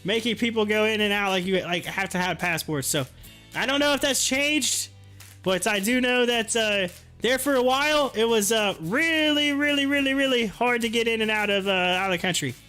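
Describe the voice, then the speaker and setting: A man's voice: high-pitched, normal speed, pushed and bright, faint music behind. A man hosting a live stream, rambling through casual stories and viewer comments and laughing often. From United States. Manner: rambling storyteller, laughs often, repeats himself.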